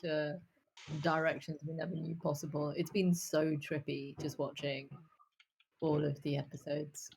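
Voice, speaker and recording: A woman's voice: low voice, level tone, unhurried, creaky, a little mellow, slightly rough, low-quality recording. A woman on a podcast panel, chatting enthusiastically and casually.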